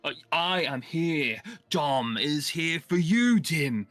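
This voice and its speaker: A man's voice: on the high side, animated, slow pace, a bit bright, no echo, faint music behind, pitched above the performer's own voice. A lovestruck young man trips over every word, as a man puts him on for a tabletop game. He stammers and repeats himself in a raised, jittery voice. He sounds flustered and sweaty. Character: nervous young man stammering at his crush.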